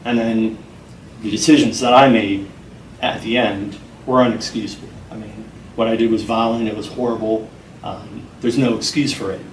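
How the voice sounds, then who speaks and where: A middle-aged man with a fairly low voice talks in a sincere, deliberate way. The sound is roomy and echoing, with the mic set some way off. A faint hiss sits under his voice. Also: steady tone. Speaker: interview guest, program founder. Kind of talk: earnest conversational interview. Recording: echoey room, mic at a distance, faint noise.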